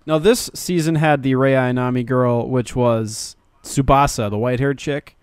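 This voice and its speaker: A man's voice: medium pitch, fairly even intonation, moderate pace, smooth, dry recording. A man co-hosting an anime podcast, chatting casually, rambling and joking with frequent laughs. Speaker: podcast co-host. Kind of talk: casual review chat.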